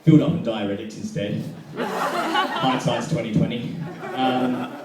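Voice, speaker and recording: Australian man, stand-up comic, deadpan self-deprecating jokes, animated delivery, crowd laughter, echoey venue. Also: mid-range voice, measured pace. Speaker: stand-up comedian. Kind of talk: stand-up comedy set. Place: comedy venue with live audience. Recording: echoey room mic'd from a distance, crowd laughter.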